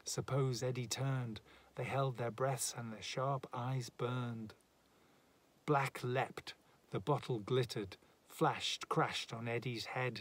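A man reads a narrative poem aloud at an unhurried pace. His voice sits at a medium pitch, and he gives each line a measured, dramatic weight. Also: fairly bright tone, slightly rough. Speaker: reader.

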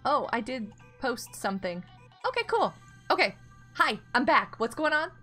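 A woman's voice: a little high, sing-song, normal speed, sharp tone, faint music behind. A woman live-streaming a block game, chatting casually and encouraging her friends with lots of giggles.

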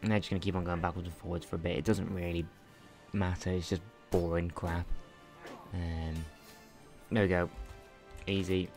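Low-voiced young man narrating a strategy game. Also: little pitch movement, normal speed, darkish tone. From not Irish. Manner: chatty, self-mocking, thinks aloud. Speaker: gaming channel host. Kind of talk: casual strategy game commentary. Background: faint game music and keyboard typing.

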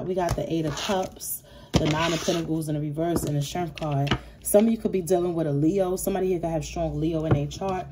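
A young woman, giving a casual tarot reading in a blunt, profane, animated way. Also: low voice, fairly quick, very noisy. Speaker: tarot reader.

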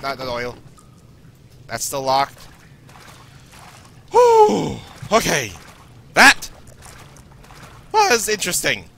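A man's voice: high voice, bright, forceful tone, a little hiss or hum. A young man from Canada commentating a horror game, nervously talking to himself, his voice a little worn. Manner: nervous, jittery, talks to himself. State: losing his voice. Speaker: let's play gamer.

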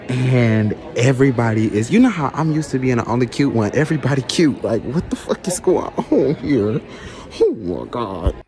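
A young man, talking casually to his viewers in a vlog from a car, excitable and swearing freely. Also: mid-range voice, moderate pace. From Michigan. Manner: chatty, excitable, keeps addressing viewers as y'all, swears freely. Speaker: vlogger and stylist.

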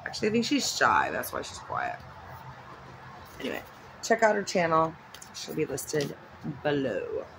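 A woman's voice: low-pitched, huge pitch swings, a little slow, pauses often, background noise. A woman vlogging at home in a casual, chatty way, rambling off into asides. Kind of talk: casual chat. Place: at home with her dog nearby.

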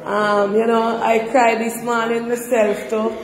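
A woman's voice: a little high, level tone, a little slow. A Jamaican woman hosting an emotional live chat, fighting tears and praising God as she talks to her viewers. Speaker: live-stream host. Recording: long reverb, loud crowd behind.

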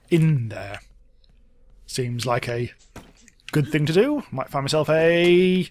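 Close to a desk microphone, a young man who makes gaming videos on YouTube chats his way through a game with dry humor and sudden exclamations. He speaks slowly, leaving long pauses, in a somewhat high, slightly mellow voice whose pitch moves a lot with lively intonation.

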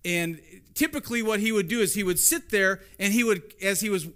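A man's voice: sits high, brisk, a bit bright. A man preaching a sermon as pastor in a church, conversational and storytelling, repeating lines for emphasis.

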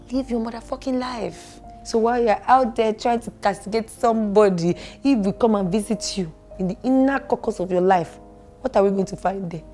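A Nigerian woman delivers a cheeky, sermon-like rant straight to camera, scolding and teasing her viewers. Her voice sits in a middle register, with soft music faintly underneath. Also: mid-range voice. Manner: sassy, preachy, mock-scolding. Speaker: vlogger.

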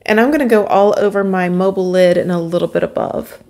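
A woman's voice: medium pitch, quick pace, vocal fry, darkish tone. A chatty, upbeat woman walks viewers through a makeup look step by step. She sounds friendly and casual, like a beauty vlogger talking straight to her regulars. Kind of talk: makeup tutorial narration.

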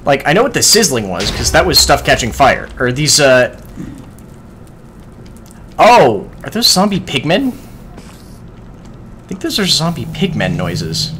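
A gaming video host gives casual let's-play commentary as he plays, excitable and swearing readily while he addresses the game's creatures. His pitch constantly swoops up and down, over a faint hiss of noise.

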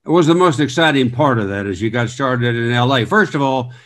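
A man hosting an interview in a relaxed conversational way, praising his guest and asking about his career. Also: mid-range voice, brisk. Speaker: interview host, former sportscaster.

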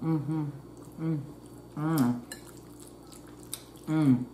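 A low-voiced woman hosts a mukbang at a measured pace, pausing often as she chats folksily with her audience and murmurs "mm" while chewing. There's roomy echo, faint ambience, and a little hiss or hum.

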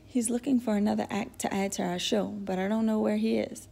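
A woman's voice: medium pitch, fairly even intonation, fairly quick, gravelly, warm tone, husky. A woman voicing a sullen, defiant fifteen-year-old boy who answers curtly and sarcastically. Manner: curt, snappish, sarcastic.

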